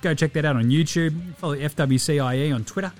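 A man hosting a basketball podcast, briskly and cheekily reading sponsor plugs and thanks in the show's outro. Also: fairly high pitch, a little mellow, soft background music. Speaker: podcast host. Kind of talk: show outro with sponsor reads.

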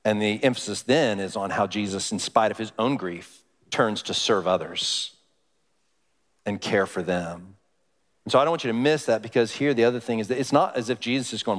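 A man's voice: fairly low pitch, fairly quick. A male pastor giving a conversational sermon, often putting questions to the congregation. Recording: long hall reverb.

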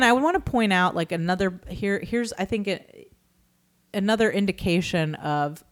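A woman with a slightly low voice chats loosely on a podcast, rambling and self-deprecating with frequent giggles. Her sound is dry and close, with no room around it. Later she reads out the show's plugs and sponsor notes. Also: dry recording. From Atlanta, US. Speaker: podcast co-host. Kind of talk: casual chat and outro announcements.

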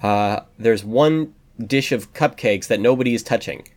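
A man's voice: mid-range voice, measured pace. A man co-hosting a podcast in casual, teasing conversation. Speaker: podcast co-host. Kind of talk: casual chat.

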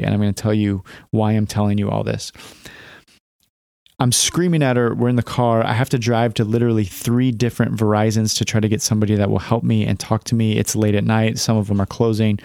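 A man's voice: on the low side, a little mellow, no echo, studio quality. A man in his thirties hosting a podcast, telling a personal story in a candid, rambling way with many fillers and restarts. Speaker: podcast host. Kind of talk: casual storytelling monologue.

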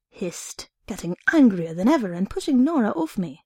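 A woman reading a short story aloud in the first person, steady and wry. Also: mid-range voice, normal speed, hardly any pauses, breathy edge, no room sound, studio quality. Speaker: reader.

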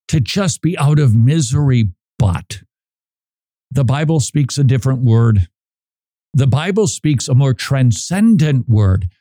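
Casting: male radio host, dark mellow voice, dry close studio sound, emphatic and repetitive. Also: medium pitch, no room sound. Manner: emphatic, repeats phrases, restarts mid-sentence. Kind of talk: talk radio monologue.

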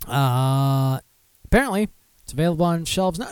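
A man hosting a casual live beer show with a slightly high voice, talking into a close, dry mic. He rambles to himself and bursts into mock-outraged rants. He moves between chatty asides and reading out listings. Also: normal speed, smooth, no echo. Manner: animated, mock-outraged outbursts and rambling self-talk. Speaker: podcast host.

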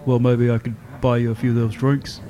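A man's voice: medium pitch, level tone, brisk, dark tone, slight background noise. Playful male player at a game table. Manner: playful, joking.

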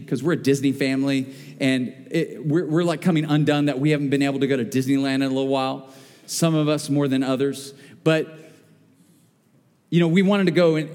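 A man's voice: fairly high pitch, darkish tone, long reverb tail. A man preaching a sermon as pastor, mixing family stories with emphatic, rising calls to persistent prayer. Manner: storytelling with emphatic, rising exhortations. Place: church sanctuary.

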